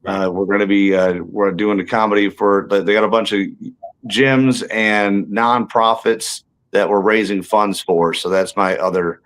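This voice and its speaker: A man's voice: fairly low pitch, a bit bright. A man, a guest actor and stand-up comedian, telling jokey stories in a casual interview, full of fillers and restarts from somewhere indoors. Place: indoors, tucked in somewhere warm.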